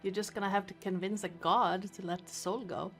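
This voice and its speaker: A woman's voice: medium pitch, fairly even intonation, brisk, a bit bright, faint music behind. A woman acting as game master, running a tabletop session in an upbeat, easygoing way.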